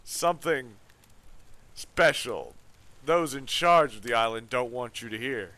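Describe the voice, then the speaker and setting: A man voicing a smug, scheming sea creature from a dating game, talking low and hushed like he's letting you in on a secret. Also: animated, a little slow, a little hiss or hum. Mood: sultry, secretive. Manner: low, hushed, seductive teasing.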